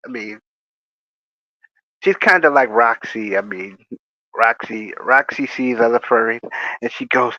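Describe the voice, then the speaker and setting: A man's voice: mid-range voice, measured pace, long pauses, bright, forceful tone, dry recording. A man hosting a casual livestream, rambling through jokey stories with chuckles. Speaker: livestream host. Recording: dry, muffled lo-fi audio.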